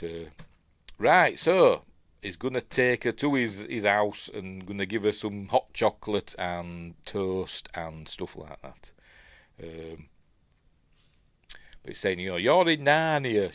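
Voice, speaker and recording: A low-voiced man with a Yorkshire accent talks casually through a film, meandering with frequent ums and musing questions. The sound is dry and close, with no room around it. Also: dry recording. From Yorkshire, England. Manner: rambling, many ums and self-questions. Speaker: film reviewer. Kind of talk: casual film breakdown commentary.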